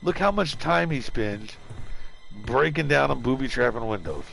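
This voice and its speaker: A young man giving profane, jokey live commentary while playing a horror game, yelling when startled and putting on silly voices for the killer. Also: medium pitch, animated, moderate pace, gravelly, soft background music. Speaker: game streamer. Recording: noisy home stream audio.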